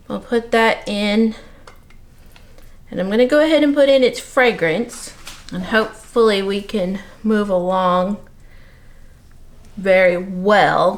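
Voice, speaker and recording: A woman's voice: mid-range voice, a bit bright. A woman from Missouri giving a casual step-by-step craft demonstration, explaining each step as she works. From Missouri, USA. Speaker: soapmaker demonstrating. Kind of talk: casual tutorial narration.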